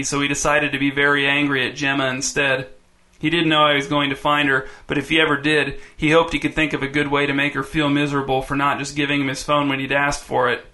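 A man's voice: a little high, bright, forceful tone. A man reading a story aloud in scripted narration, with a dry, wry delivery.

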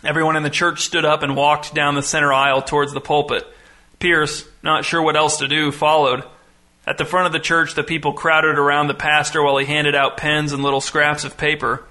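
Bright-voiced male audiobook narrator. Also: a little high, flat delivery, a little fast.

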